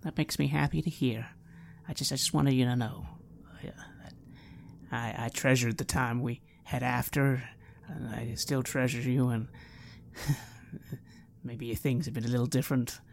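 A man voicing Nigel, a remorseful, gentle male lecturer who speaks haltingly and tenderly. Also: mid-range voice, steady tone, vocal fry, a little hiss or hum.

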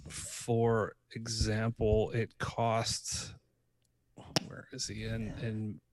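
A man's voice: lowish voice, monotone, extremely slow, darkish tone, no echo. A man co-hosting a casual podcast chat, talking in a rambling way with many fillers and restarts. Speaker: podcast co-host.

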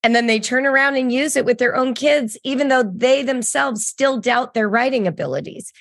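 Brief: middle-aged woman host, lively storyteller, dry close recording. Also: fairly high pitch, no echo. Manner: enthusiastic, storytelling, quick asides. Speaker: podcast host, writing educator. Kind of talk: conversational interview.

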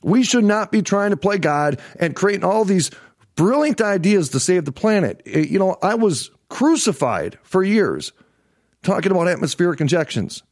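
A fired-up middle-aged man hosts his own livestream and rants with heat. He swears freely and hammers his points by saying them again. His voice sits a little high for a man and sounds close and dry, with no room echo. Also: sing-song, normal speed. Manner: heated, profane, repeats himself for emphasis. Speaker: host of a livestream political show. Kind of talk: angry livestream political rant.

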